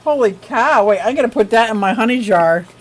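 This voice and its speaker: A woman hosting a live stream for her aquarium channel, reading viewer tips in casual chat, gushing and excitable, laughing often. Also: fairly high pitch, fairly quick, rough recording.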